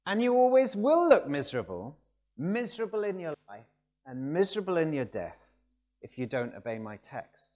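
A man voicing a blunt, fervent rural English preacher with an Essex accent, shouting and repeating himself. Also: on the high side, very animated, moderate pace, pitched above the performer's own voice. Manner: shouting, emphatic repetition.

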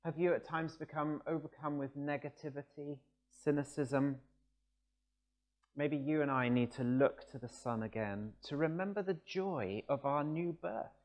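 A man's voice: on the high side, unhurried, darkish tone. A man preaching a sermon in a conversational, storytelling way that rises to emphatic passages. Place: church, also streamed.

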